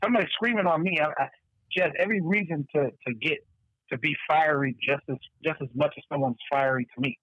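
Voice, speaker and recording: A man in casual podcast talk, profane and animated, jumping up in pitch whenever he mimics someone. His voice sits a little high. The sound is dull and lo-fi, with a dry, close feel. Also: fast, slightly rough, dry recording. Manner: animated, profane, acts out quoted people in raised voices. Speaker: podcast co-host. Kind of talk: casual chat.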